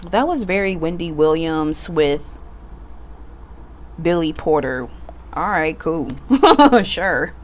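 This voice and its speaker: A woman's voice: sits low, expressive, slow pace, long pauses. Profane, chatty woman reading tarot. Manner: chatty, blunt and profane, laughs often. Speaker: tarot reader. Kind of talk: casual pick-a-card tarot reading. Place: at home, sitting back in a computer chair.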